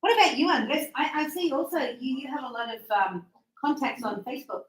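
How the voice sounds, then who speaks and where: Chatty woman teaching English, high pitch, roomy echo. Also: brisk. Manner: lively, chatty, acts out everyday dialogues. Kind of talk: classroom English lesson. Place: classroom.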